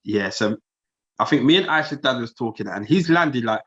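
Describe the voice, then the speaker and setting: A man's voice: medium pitch, expressive, moderate pace, a bit bright. A man from telling a rambling story in casual podcast chat. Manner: rambling, repeats himself while telling a story. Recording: dull lo-fi podcast audio.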